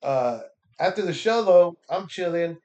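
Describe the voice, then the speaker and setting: A man's voice: sits high, expressive, a little slow, darkish tone. A young man, a stand-up comedian from Texas, giving a loose, profane recap of his week, laughing often and acting out what people said. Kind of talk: casual recap monologue.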